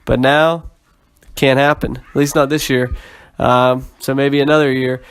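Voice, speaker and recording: A man co-hosting a casual fantasy football podcast, speaking in a relaxed, rambling way with frequent ums. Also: mid-range voice, a little slow, clean tone. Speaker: podcast co-host.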